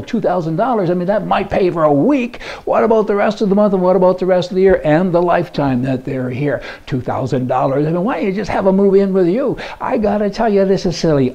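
A man's voice: sits high, warm tone, lo-fi sound. A man giving a folksy, indignant, rambling political monologue as a commentary blogger. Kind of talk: opinionated monologue. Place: Canada.

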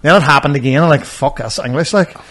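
A man's voice: on the high side, fast talker, fairly bright tone. Laughing man telling stories. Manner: laughs often, swears freely, acts out quoted people. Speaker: podcast co-host. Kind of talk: casual chat, anecdote telling.

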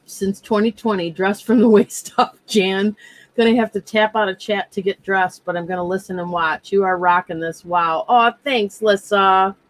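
A woman's voice: medium pitch, dry recording, low-quality recording. A woman running a live online sale, reading viewer comments aloud and calling out bids. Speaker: live auction seller. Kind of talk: live-stream auction chat.

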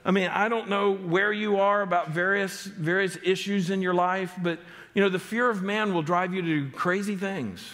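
A male pastor delivers an emphatic sermon in a church sanctuary, his slightly high voice climbing on key lines and sinking low on others. A long reverb trails each phrase through the hall. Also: fairly even intonation, normal speed. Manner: emphatic preaching with sharp rises and drops in pitch.

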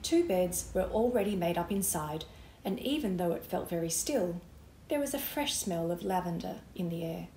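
A woman author reading her children's book aloud with clear, lively storytelling. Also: on the low side, moderate pace, echoey room, a little hiss or hum, low-quality recording.

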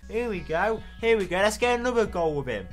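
Excitable young British gamer, swearing. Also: male voice, high-pitched, brisk, faint music behind. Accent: British English. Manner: excitable, swearing, shouting at the ref. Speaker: gaming video host. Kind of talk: live gameplay commentary.

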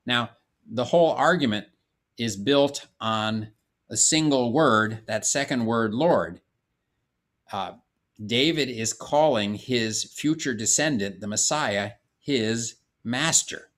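A man giving a measured, explanatory Bible course lecture, reading passages aloud and explaining them. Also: medium pitch, fairly bright tone. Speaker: Bible teacher. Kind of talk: classroom lecture on scripture.

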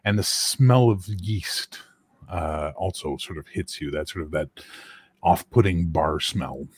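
A man's voice: low voice, slow, breathy edge, no room sound. A man running a tabletop game as game master, narrating scenes loosely and correcting himself as he goes.

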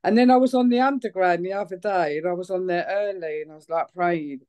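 A woman from England giving a personal testimony at church, telling it in an excitable, chatty way with many fillers. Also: lowish voice, fairly quick, clear, resonant tone.

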